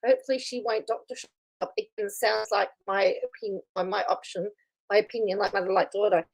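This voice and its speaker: A woman's voice: mid-range voice, brisk, vocal fry, low-quality recording. A woman hosting casual live commentary on a video, chatty, reading viewer comments aloud and laughing often. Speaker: commentary host reacting to a video.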